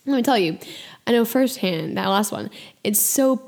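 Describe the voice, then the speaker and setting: A woman hosts her own podcast in a reflective solo monologue about faith. She speaks earnestly and gently, with a mid-range pitch for a woman and frequent "like" and "you know" fillers. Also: animated, normal speed, vocal fry. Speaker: podcast host.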